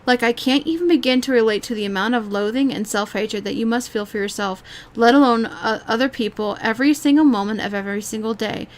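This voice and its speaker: A woman delivers a reaction rant in a fairly high voice. She rambles, trips over her words and restarts lines, and she swears freely in an exasperated commentary tone. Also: a little fast. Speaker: YouTube commentary creator.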